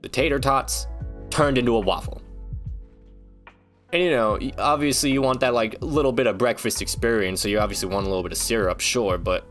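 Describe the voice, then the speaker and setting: A man's voice: medium pitch, fairly quick, a bit bright, faint music behind. A man streaming, ranting casually in a rambling, joking, foul-mouthed way. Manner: rambling, profane, joking rants.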